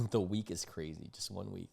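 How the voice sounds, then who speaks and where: A young man with a fairly low voice reads online posts aloud in a casual tone. He keeps stopping to react in loose slang, with abrupt, exclaiming outbursts. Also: moderate pace, creaky, darkish tone, slightly rough. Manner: casual slang-heavy reactions, sudden exclaims between read passages. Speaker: content creator.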